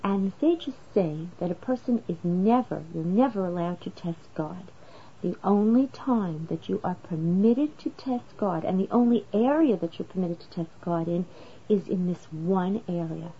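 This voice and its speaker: A woman gives a religious lesson, walking through the text and raising rhetorical questions as she goes. Her voice sits at a middle pitch. The recording is slightly dull and lo-fi, with a faint hiss underneath. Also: normal speed. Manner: explanatory, asks rhetorical questions. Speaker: Torah teacher.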